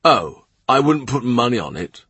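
A man's voice: medium pitch, big pitch swings, normal speed, bright, forceful tone, slightly rough, dry recording, heavily acted. A man voicing a languid, silken courtier with an airy, idle manner.

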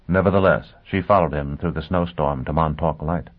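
A man reading a story aloud as narrator in a measured, dramatic way. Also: rumbling low, steady tone. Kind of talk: audiobook narration. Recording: tinny phone-like sound.

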